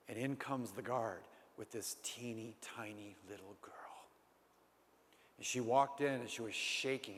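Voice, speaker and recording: A man preaching as a storyteller, lively and acting out the scene, then dropping to a hushed voice for tender moments. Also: medium pitch. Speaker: speaker. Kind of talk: storytelling sermon. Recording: long hall reverb.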